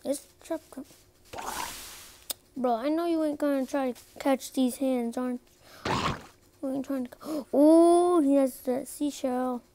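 A high-pitched woman chatting to herself as she plays, unhurried and goofy. She drawls her words slowly and slips into silly chants. Faint background noise sits under her phone-recorded voice. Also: warm tone. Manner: playful, silly, talks to herself while building. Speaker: gameplay video creator. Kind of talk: casual commentary while playing a game.

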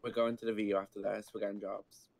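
A laid-back man talking low-key in a game role-play, his lowish voice catching in a gravelly fry. He speaks plainly, without much push. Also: level tone, fast, a little mellow, no room sound.

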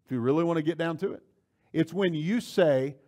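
A man's voice: on the high side, a little fast. A male pastor teaching a Bible study class. He speaks emphatically, checks in often with his listeners, and reads scripture aloud in old-fashioned wording. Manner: emphatic, keeps checking in with "okay?"; animated, rising to forceful emphasis.

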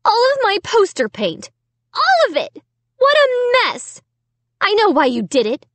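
A woman reading a storybook, voicing a spoiled teenage sister who shrieks in a shrill voice. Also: huge pitch swings, unhurried, a bit bright, dry recording, heavily acted. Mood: shrieking.

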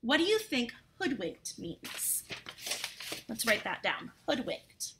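A woman's voice: fairly high pitch, very animated, takes it slowly, background noise. A woman teacher reading a story aloud and explaining words to young children, chatty and full of questions.

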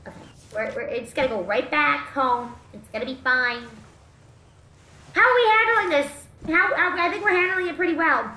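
A woman's voice: high-pitched, moderate pace, bright, forceful tone, echoey room. A woman streaming as a VTuber, chatting goofily through a game with jokes and the odd swear. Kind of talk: gameplay commentary.

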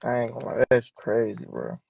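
A man's voice: mid-range voice, sing-song, brisk, vocal fry, a little mellow, slightly rough, rough recording. A man on a live stream, reacting bluntly in casual slang.

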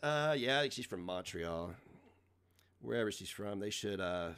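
A man's voice: fairly low pitch, lively intonation, moderate pace, fairly bright tone, clean tone. A man ranting casually on a live stream, mocking and swearing, laughing often at his own jokes.

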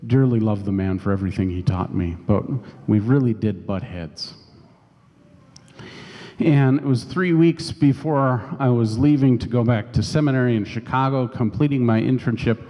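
A man's voice: medium pitch, normal speed, muffled recording. A man preaching a sermon as pastor, telling a personal story in a conversational way. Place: church sanctuary. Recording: long church reverb.

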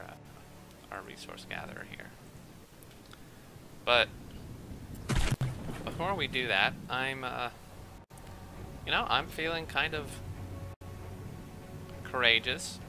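Excitable young man with a bright voice. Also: mid-range voice, vocal fry, poor audio. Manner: rambling, excitable, quick to get worked up. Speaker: let's play gamer. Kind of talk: gameplay commentary.

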